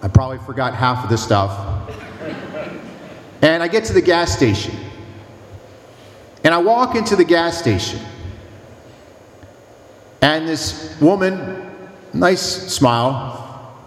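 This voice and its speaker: A man's voice: fairly high pitch, sing-song, takes it slowly, pauses often, reverberant, big-room sound. A man who is a priest, delivering a sermon with emphatic, humorous storytelling.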